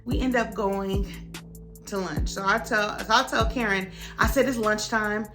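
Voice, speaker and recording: A woman's voice: mid-range voice, a little slow, over music. A young woman vlogger casually recounting a workplace story, acting out each line she quotes with lots of expression. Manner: animated, dramatic retelling with voiced quotes.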